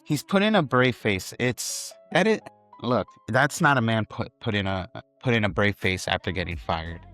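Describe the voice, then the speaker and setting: A man's voice: medium pitch, a bit bright. A man hosting an online wrestling news commentary, speaking emphatically and repeating phrases for weight.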